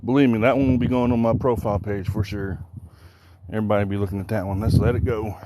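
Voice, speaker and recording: Outdoor noise fills the background as a fishing streamer talks fast by the water, his fairly low voice dark and steady. He's casual and joking with his live-stream viewers and a little out of breath.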